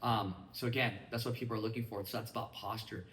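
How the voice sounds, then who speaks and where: A man giving an energetic motivational training talk to a live group, often checking that his listeners follow him. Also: lowish voice, fast talker. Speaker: business mindset trainer. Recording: echoey room, mic at a distance.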